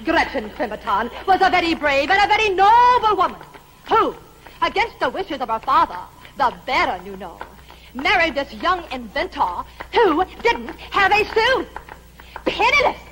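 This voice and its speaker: A woman's voice: extremely high pitch, very animated, normal speed, fairly bright tone, slight background noise, heavily acted, low-quality recording. An actress playing a theatrical female movie star diva, talking in a grandiose, breathless, melodramatic gush in the style of 1940s film musicals.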